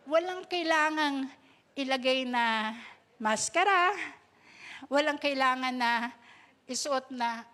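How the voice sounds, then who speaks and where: A woman's voice: sits high, takes it slowly, pauses often, pushed and bright. A woman pastor with a Filipino accent preaching a sermon, moving between Tagalog and English, laughing often and drawing out quoted lines.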